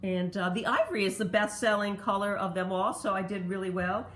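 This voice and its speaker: A woman's voice: medium pitch, fairly even intonation, fairly quick, fairly bright tone, echoey room. Chatty woman showing thrift finds. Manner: chatty, detail-focused, explains pottery history. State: slight cough. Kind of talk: casual show-and-tell vlog.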